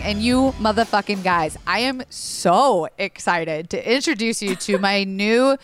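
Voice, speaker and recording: A woman hosting a casual podcast over a video call, bubbly and excitable, swearing freely. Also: mid-range voice, measured pace, soft background music. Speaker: podcast host.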